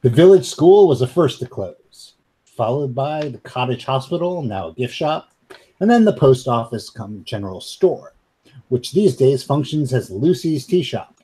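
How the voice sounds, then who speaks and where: Husky-voiced man narrating a game. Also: medium pitch, dark tone, rough recording. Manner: laughing easily, descriptive. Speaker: game master.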